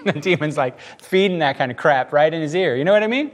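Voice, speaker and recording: A man preaching a casual sermon, animated and jokey, often acting out the voices in the scripture he reads. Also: fairly high pitch, moderate pace, pauses often. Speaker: pastor.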